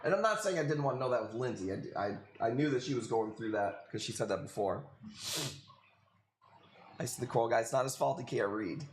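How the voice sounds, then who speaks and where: A man's voice: mid-range voice, animated, brisk, slight background noise. A man hosting a live coral sale stream, chatting casually with viewers in a joking, profane way. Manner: joking, profane, talks to chat.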